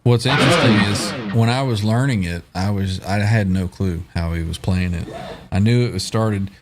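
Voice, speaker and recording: A man hosting a casual live guitar chat stream, relaxed and quick to laugh as he reads out viewer comments. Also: fairly low pitch. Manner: relaxed, laughs often, talks through chords. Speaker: podcast host reading live chat.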